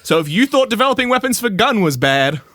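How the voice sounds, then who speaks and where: A man's voice: high voice, big pitch swings, fast, fairly bright tone, dry recording, clean studio sound. A man hosting a casual podcast, reading a lore script aloud and breaking off into crude, swearing asides. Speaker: podcast host presenting lore.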